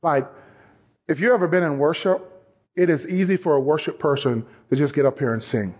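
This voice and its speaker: A man preaching a sermon, mixing scripture reading with direct, emphatic exhortation that swells into shouts. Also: on the high side, a little fast. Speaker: pastor.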